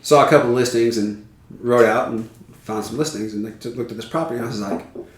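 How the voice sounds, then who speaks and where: A man from Iowa chats as a podcast guest, telling animated stories and laughing often. His voice sits at a middle pitch and comes from a little way off the mic, with a roomy echo around it. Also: fast, recorded from a distance. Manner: laughs often, animated storytelling with acted quotes. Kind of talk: casual storytelling chat.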